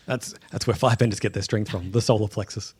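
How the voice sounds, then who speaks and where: A man running a tabletop role-playing game, narrating scenes and joking with his players in a relaxed, playful way. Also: on the low side, quick pace, breathy edge. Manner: easygoing, playful, punning. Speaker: game master.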